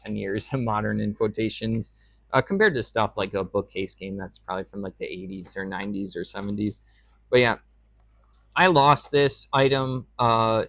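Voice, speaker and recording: A man's voice: mid-range voice, a bit bright, no echo. A young man chats to camera about his day, his voice sitting in an ordinary middle range. He rambles, doubles back and fills gaps with little filler words. The sound is close and dry, with no room around it. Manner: rambling, chatty, with frequent fillers. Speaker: reseller vlogger. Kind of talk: casual vlog chat.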